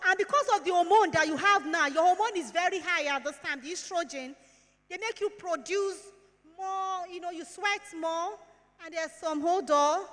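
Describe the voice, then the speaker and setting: A woman's voice: very high voice, sharp tone. A woman in her forties with a Nigerian accent, giving a frank, motherly and emphatic health talk to schoolgirls. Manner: motherly, frank and emphatic, asks and answers questions. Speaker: health educator. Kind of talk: talk to schoolgirls on puberty and hygiene. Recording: long hall reverb.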